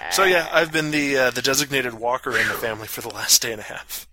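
A man's voice: mid-range voice, fast, bright, forceful tone. A man casually telling a long story on a podcast, full of fillers and crude jokes. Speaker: podcast co-host.

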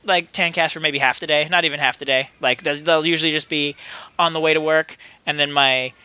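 Bright, high-voiced chatty man. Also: fairly even intonation, a little fast, clear, resonant tone, no echo, dull audio. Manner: chatty, laughs often, trails off and restarts. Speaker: podcast co-host. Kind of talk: casual chat.

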